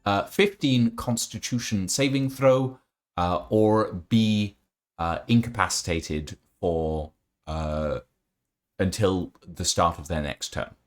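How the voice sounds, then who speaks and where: A man's voice: sits low, slow. A man running a tabletop game as game master, narrating casually with many fillers.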